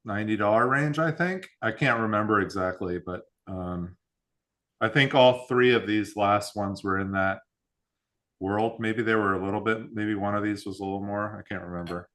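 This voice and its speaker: A man's voice: on the low side, normal speed. A man hosting a whiskey club tasting, chatting casually and reading out mash bills and proofs. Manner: relaxed, reads out mash bills and tasting notes.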